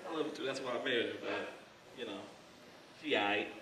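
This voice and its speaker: A male stand-up comedian hosting a live club show, telling stories in an animated way. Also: mid-range voice, fast, slight background noise. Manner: animated storytelling. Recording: echoey club, distant mic.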